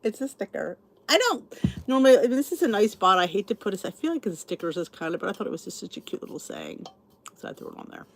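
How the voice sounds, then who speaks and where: Quick-paced and lively in intonation, this medium-pitched voice belongs to a middle-aged channel host from New Jersey, US. She keeps her livestream chat casual, saying hello to viewers and reading out what they comment.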